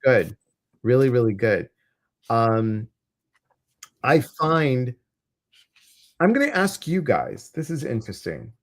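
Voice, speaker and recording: A man's voice: mid-range voice, sing-song, slow, long pauses. A man hosting a livestream as an intuitive coach, chatting casually, greeting viewers and reading their comments. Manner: warm, chatty, addresses viewers directly. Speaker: intuitive coach and stream host.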